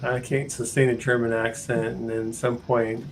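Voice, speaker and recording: A man's voice: medium pitch, flat delivery, normal speed, slight background noise, rough recording. A man on a casual music panel, thinking aloud in a chatty way, over a video call. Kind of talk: casual chat.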